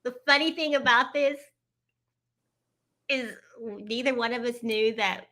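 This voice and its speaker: A woman co-hosting a casual chat, lively and talking straight to her audience. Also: on the high side, unhurried. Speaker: co-host.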